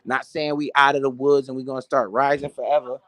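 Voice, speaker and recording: A young adult man hosting a casual finance live stream. He talks in an animated, slangy and profane way, asking questions and answering them himself. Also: mid-range voice, fast, slight background noise.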